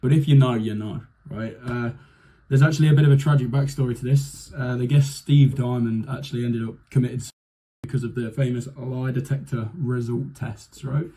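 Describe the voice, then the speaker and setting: Mellow-voiced young man. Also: mid-range voice, brisk. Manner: chatty, animated storytelling with restarts. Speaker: video host. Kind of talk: casual comedic commentary.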